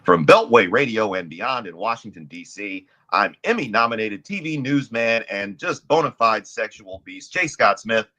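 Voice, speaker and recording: A man's voice: on the low side, sing-song, normal speed, hardly any pauses, sharp tone, low-quality recording. A man delivering a mock-pompous show introduction as a TV newsman.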